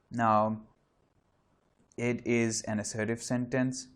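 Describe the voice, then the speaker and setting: A man's voice: fairly low pitch, takes it slowly. A man explaining English grammar step by step in an online lesson, with frequent restarts and fillers. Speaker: English teacher.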